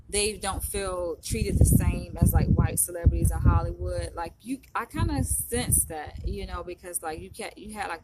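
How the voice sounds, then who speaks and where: The recording is very noisy, and the woman's voice is fairly low. She's a vlogger in Los Angeles chatting casually to her viewers, wandering from thought to thought with lots of fillers such as "like" and "you know."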